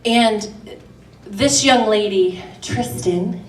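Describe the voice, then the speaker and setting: A woman's voice: medium pitch, expressive, slow pace, a little hiss or hum. A middle-aged woman preaching to a women's gathering, passionate and rising to emphatic declarations. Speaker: women's event speaker. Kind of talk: sermon. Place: church hall. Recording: echoey church room, distant mic.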